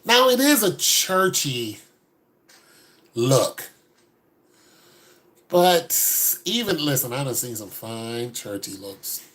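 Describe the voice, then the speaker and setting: A man giving a casual, joking critique with animated, mock-preachy asides. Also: medium pitch, takes it slowly, long pauses. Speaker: dating and style commentator.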